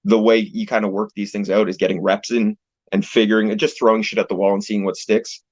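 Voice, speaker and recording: A man's voice: lowish voice, little pitch movement, fairly quick, no echo. A young man from Canada, a pro wrestler, chatting casually as an interview guest in a laid-back, rambling way with casual swearing, heard over a video call. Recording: dull lo-fi call audio, dry.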